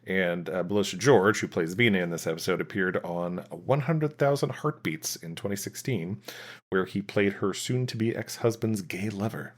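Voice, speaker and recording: A man co-hosting a podcast, recapping an episode in a halting casual way with many fillers and restarts. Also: low-pitched. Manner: halting, lots of fillers and restarts, laughs often. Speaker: podcast co-host.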